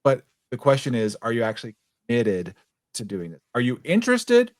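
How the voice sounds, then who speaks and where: A male podcast host talks through a business interview in a loose, encouraging way, often doubling back mid-sentence. His voice sits at a middle pitch and sounds close and dry, with no room around it. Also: wildly swooping pitch, a little fast, no echo. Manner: affirming, rambling with restarts. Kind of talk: casual interview chat.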